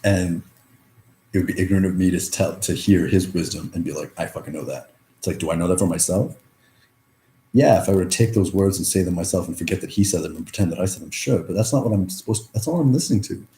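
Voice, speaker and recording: Young man, low mellow voice, rambling reflective monologue, swearing, echoey room. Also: fast talker, a little hiss or hum. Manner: rambling, filler-heavy, swears freely.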